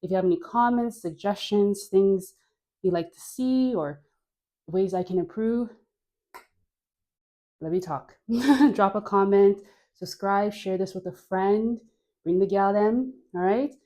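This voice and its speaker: Moving as she teaches, a Caribbean dance instructor calls out steps with a slow, easy cadence in a mellow, relaxed, mid-range voice. She stays encouraging and playful, laughs between cues, and her breathing shifts as she dances wearing a mic.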